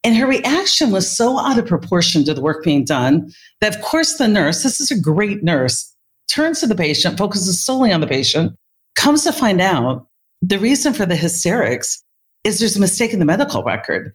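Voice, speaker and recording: A woman who leads in healthcare, telling a workplace story in an interview in an animated, vivid way. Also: mid-range voice, moderate pace. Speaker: healthcare leader.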